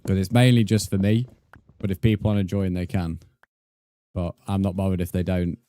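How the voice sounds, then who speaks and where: In a dry recording, a male game streamer speaks with a voice that sits low and mellow, level in tone and fairly quick. He's easygoing and chatty, calling his livestream viewers mate as he plays.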